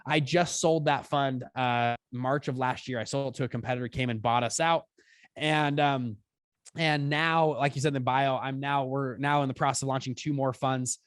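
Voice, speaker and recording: A young man in his twenties, a podcast guest telling a story in conversation, animated and quick, acting out quotes with big jumps in pitch. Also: clear, resonant tone, no room sound, clean studio sound. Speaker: podcast guest, fund founder.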